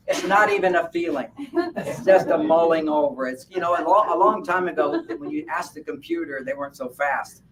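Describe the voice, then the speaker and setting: A man giving a live talk at a fair, animated and laughing at his own points as he acts out little quotes. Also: fairly high pitch, normal speed, crowd noise. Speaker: speaker at a wellness fair. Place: event room at a hotel fair. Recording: distant mic with faint background noise.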